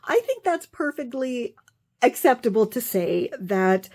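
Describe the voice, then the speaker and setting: A woman's voice: a little high, sing-song, a little slow, darkish tone. A woman vlogger talking through her own books, gushing and effusive, often trailing off and restarting, so moved she is near tears. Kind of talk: excited casual show-and-tell.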